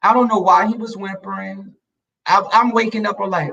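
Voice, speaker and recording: A man's voice: high voice, fairly even intonation, normal speed, vocal fry, sharp tone, far from the mic, low-quality recording. A man hosting a casual livestream, chatting and telling stories straight to his viewers. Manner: chatty storyteller addressing viewers. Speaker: livestream host.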